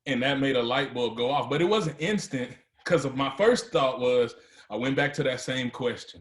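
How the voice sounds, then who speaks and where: A man's voice: medium pitch, normal speed, echoey room. A man giving a motivational speech to a live audience, telling his story and building to emphatic, rising peaks. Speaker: motivational speaker.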